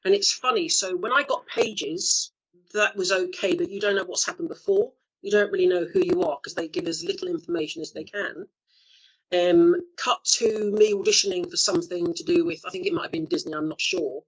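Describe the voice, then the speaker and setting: Middle-aged lady telling showbiz stories on a call, animated, acts out what people said. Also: on the low side, brisk, slightly rough, poor audio. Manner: lively storyteller, acts out quotes, laughs often. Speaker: actor being interviewed. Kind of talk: anecdotal interview chat.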